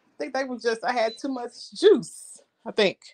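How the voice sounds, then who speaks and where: A woman's voice: a little high, normal speed, a little mellow. A woman co-hosting a casual podcast, talking in a hesitant way with lots of fillers. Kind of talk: casual chat.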